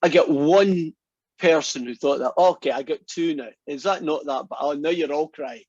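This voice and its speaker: A Scottish man lecturing a math class in a chatty, joking way, with ums and pauses. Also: on the high side, a little mellow, breathy edge, no echo, dull audio. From Scotland. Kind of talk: university lecture.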